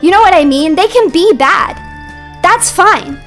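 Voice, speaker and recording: A young woman streaming, ranting heatedly about characters in a casual way and sometimes rising to shouts. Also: very high voice, animated, unhurried, faint music behind. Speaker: vtuber streamer.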